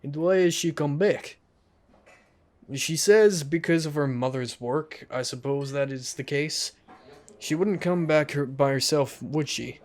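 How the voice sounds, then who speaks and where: A man's voice: on the high side, measured pace. A man hosting a let's play, reading a visual novel aloud and adding joking, self-deprecating asides.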